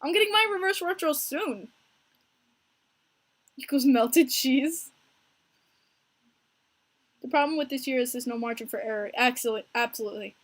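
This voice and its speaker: An American woman with a high voice hosts a podcast streaming live with chat, talking casually about hockey. She is animated and chatty, answering viewers by name, speaking at a moderate pace with long pauses.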